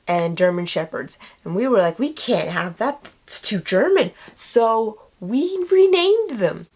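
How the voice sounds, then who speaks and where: A young woman chatting casually to the camera in a vlog, animated and playful. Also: fairly low pitch. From United States. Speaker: vlogger.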